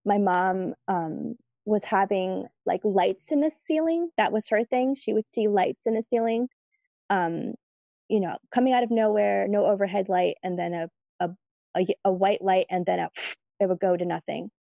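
A woman guest telling stories in a casual interview, chatty and lively when she quotes her family. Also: medium pitch, moderate pace, creaky, dry recording, muffled recording. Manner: chatty, animated when quoting family, laughs easily.

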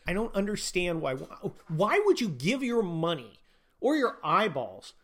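A man's voice: high-pitched, big pitch swings, a little slow. A man hosting a podcast, ranting about politics in a profane, sneering, mocking way. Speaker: podcast host.

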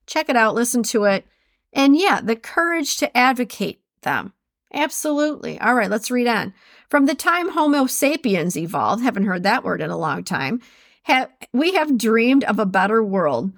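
A woman hosting a solo podcast, reading quotes aloud and chatting casually, laughing at her own slips in an animated way. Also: on the high side, moderate pace, creaky, no room sound, clean studio sound. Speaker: podcast host.

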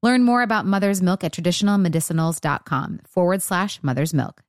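A woman giving an upbeat scripted ad read with a bright, brisk delivery. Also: lowish voice, no echo, clean studio sound. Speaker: ad reader.

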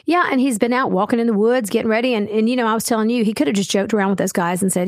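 A woman's voice: on the high side, rapid-fire, a little mellow, no room sound, clean studio sound. A woman co-hosting a podcast, talking in a chatty, heartfelt way with plenty of fillers. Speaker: podcast co-host. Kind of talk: casual chat.

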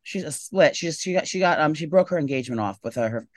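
A man's voice: on the high side, animated. A man co-hosting a podcast, telling gossipy stories in a casual chat. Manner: rapid-fire gossipy storytelling. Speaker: podcast co-host.

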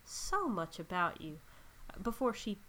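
A woman's voice: mid-range voice, big pitch swings, a little slow, bright, forceful tone. A woman voicing a cold, scheming female necromancer who talks in a smug, mocking way.

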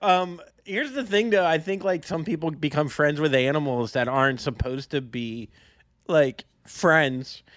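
A man co-hosting a casual comedy podcast, rambling and halting with many fillers. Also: fairly high pitch, fairly bright tone, no room sound, studio quality. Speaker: podcast co-host.

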